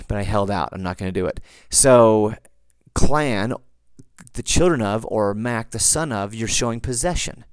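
A man's voice: lowish voice, normal speed, clear, resonant tone, dry recording. A man hosting a podcast, explaining things in a chatty, digressive, teacherly way. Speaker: podcast host. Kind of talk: casual explanatory podcast talk.

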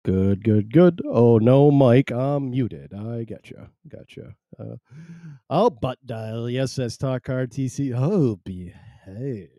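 A man hosts a loose live talk show in an unhurried, mellow voice. He rambles and jokes at his own expense, close on a dry mic with no room sound. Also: mid-range voice, no room sound, dull audio. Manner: rambling, jokey, self-mocking. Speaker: host.

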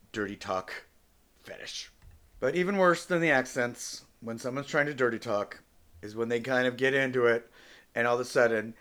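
A man's voice: mid-range voice, a bit bright. Blunt, profane man hosting a podcast. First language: not English. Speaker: podcast host. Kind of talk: solo podcast monologue.

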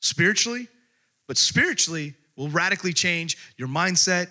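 A pastor delivering a sermon in a notably high, bright voice. He preaches emphatically, swinging from loud outbursts to hushed, intimate asides. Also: expressive, normal speed.

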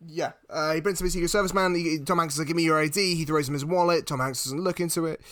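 A man's voice: on the high side, fairly even intonation, rapid-fire, a bit bright, no echo. A man in casual film chat, playfully interjecting and acting out quotes. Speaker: podcast co-host.

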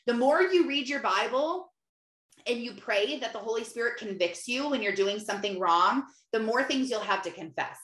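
A woman's voice: fairly high pitch, animated, normal speed, a bit bright, roomy sound. A woman speaking in an earnest, conversational way, teaching about prayer and acting out her own prayers as she goes. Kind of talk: faith-based teaching talk.

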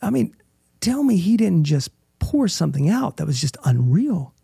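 Middle-aged male guest, raspy and gravelly, earnest halting testimony, dry close sound. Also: high voice, sing-song, warm tone, no room sound. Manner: earnest, halting storytelling with restarts. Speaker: interview guest. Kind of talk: emotional personal testimony.

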